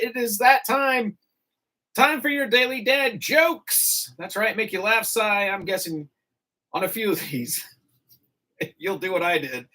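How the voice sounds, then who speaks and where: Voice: mid-range voice, bright, forceful tone. A morning radio host chatting casually and reading out listener jokes with groans and chuckles at a studio microphone.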